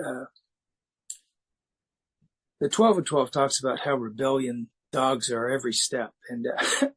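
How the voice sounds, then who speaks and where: Lively-pitched man with a breathy voice. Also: low-quality recording. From United States. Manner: candid, self-mocking, repeats words and restarts often. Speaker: recovery meeting speaker. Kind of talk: personal recovery talk.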